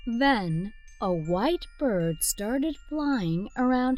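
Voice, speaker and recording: A woman narrating a children's fairy tale aloud, reading clearly and deliberately for small kids. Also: a little high, lively intonation, soft background music. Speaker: storyteller.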